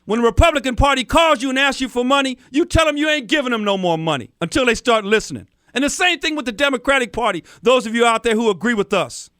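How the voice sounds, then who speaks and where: A man rants into a radio studio mic, angry and fired up as he lectures his listeners. His voice sits high and bright, smooth and clear. The sound is dry and close. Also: expressive, quick pace, hardly any pauses, no echo. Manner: angry, fired-up ranting, addresses listeners as folks. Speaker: radio talk show host. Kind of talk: talk radio monologue.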